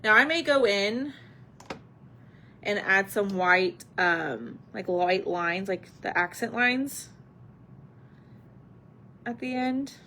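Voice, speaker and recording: A woman's voice: mid-range voice, lively intonation, slow pace, long pauses, pushed and bright, a little hiss or hum. A woman hosting a live craft stream, chatting casually with viewers and answering their comments while she paints.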